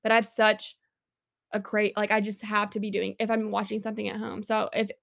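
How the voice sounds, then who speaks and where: A woman's voice: mid-range voice, monotone, a little fast, gravelly, fairly bright tone. A woman co-hosting a podcast in casual chat, upbeat and chatty, going off on tangents. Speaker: podcast co-host.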